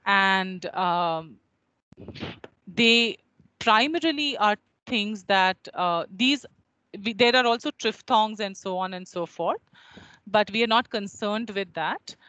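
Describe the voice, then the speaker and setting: A woman teaches over a video call at an unhurried pace. She repeats words carefully to model their pronunciation. Her voice sits at an ordinary pitch. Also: a bit bright, no room sound, poor audio. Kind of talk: online phonetics lecture.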